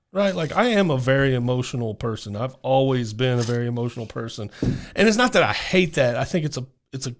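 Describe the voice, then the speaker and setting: A man co-hosting a casual faith podcast, agreeing readily and speaking reflectively about himself. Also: mid-range voice. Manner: agreeable, reflective, quick to laugh. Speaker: podcast co-host.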